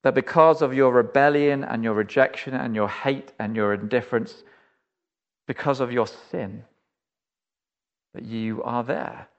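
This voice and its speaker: A male preacher, telling a vivid story in a sermon and addressing the listener directly, often dropping to a soft, low, pleading voice. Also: measured pace, pauses often, lo-fi sound.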